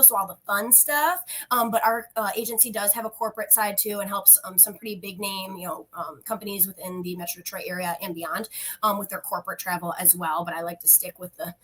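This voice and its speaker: Bright, giggly young woman guest. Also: medium pitch, fairly even intonation, a little fast. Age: young adult. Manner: giggly, chatty, lots of ums. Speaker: podcast guest. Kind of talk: casual interview chat.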